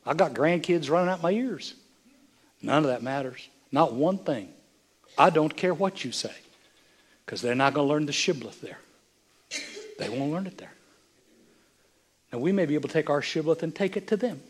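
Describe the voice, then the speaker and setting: An older man, a bishop, preaching a sermon with impassioned delivery that swings from hushed, near-whispered moments to loud, emphatic lines. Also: a little high, lively intonation, normal speed, pauses often, husky.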